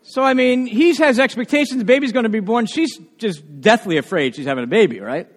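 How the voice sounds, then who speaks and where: A man preaching a sermon as pastor, telling stories in an animated way and often restarting his words. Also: high-pitched, a little fast, in a large hall. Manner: animated storytelling with frequent restarts.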